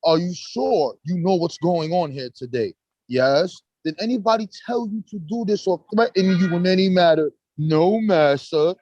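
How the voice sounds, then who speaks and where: Male stream host, high voice, animated profane street storyteller, dry close mic. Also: moderate pace, husky, no echo, highs cut off. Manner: animated, profane street talk, acts out courtroom exchanges. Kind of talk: casual live-stream chat.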